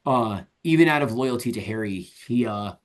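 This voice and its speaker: A man co-hosting a casual movie podcast, relaxed and hesitant, filling gaps with ums and letting his sentences trail off quietly. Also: medium pitch, normal speed. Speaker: podcast co-host.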